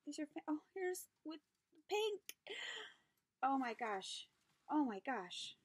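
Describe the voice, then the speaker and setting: Woman craft vlogger, slightly high, dry close sound, gushing unboxing delight. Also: sing-song, slow pace, dry recording. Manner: gushing and delighted, with gasps and soft whispered asides. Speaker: craft channel host. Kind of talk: unboxing craft mail, casual chat.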